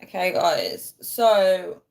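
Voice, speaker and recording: A woman's voice: fairly low pitch, big pitch swings, drawn-out words, gravelly, background noise. A young woman chatting casually to viewers on a phone livestream, laughing often and thanking them.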